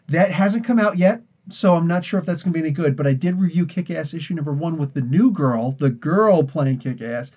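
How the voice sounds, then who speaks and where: A man's voice: a little high, a little fast, few pauses, a little mellow, muffled recording. A man from New Jersey hosting a casual comics podcast livestream, tired and rambling, laughing often. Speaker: podcast host.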